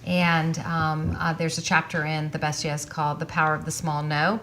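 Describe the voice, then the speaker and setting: A middle-aged woman, an author and host, talking in a relaxed conversation, listening and affirming as she asks questions. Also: sits low, normal speed, slight background noise. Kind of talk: casual conversation.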